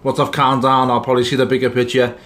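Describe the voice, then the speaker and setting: In this reaction video, a man with a medium-pitched, slightly bright voice speaks fast and in a monotone. The sports fan vlogger is furious at his football team, cursing and rambling to let off steam.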